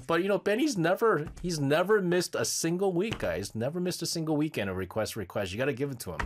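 Chatty radio host, lively voice. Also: male voice, a little high, a little fast. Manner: rambling, self-interrupting, laughs often. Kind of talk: casual on-air chat. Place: radio studio.

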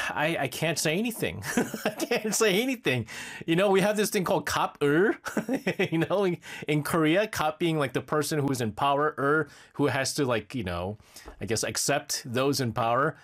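A man's voice: fairly high pitch, expressive, moderate pace, fairly bright tone. A male radio host chatting casually on air, rambling, breaking off mid-thought and laughing often, in a radio studio.

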